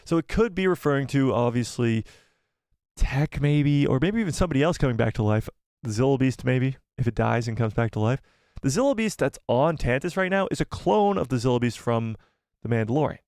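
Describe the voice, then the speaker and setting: A man's voice: mid-range voice, fairly quick, no echo, studio quality. Chatty, laughing live-stream host man. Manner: animated, self-deprecating, laughs often. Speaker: livestream host. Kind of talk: casual live-stream chat.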